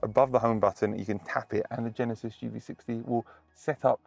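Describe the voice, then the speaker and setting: A man with a gravelly voice giving a chatty voice-over about a car feature, in a dull lo-fi recording. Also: mid-range voice, steady tone, fast, a little mellow, faint music behind. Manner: chatty, rhetorical questions. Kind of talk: voice-over narration.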